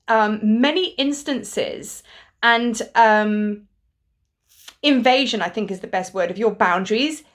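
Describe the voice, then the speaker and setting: Woman giving spiritual talk. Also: on the high side. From Britain. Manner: earnest, rambling, lively, swears casually. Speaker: spiritual teacher. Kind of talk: casual spiritual talk to camera.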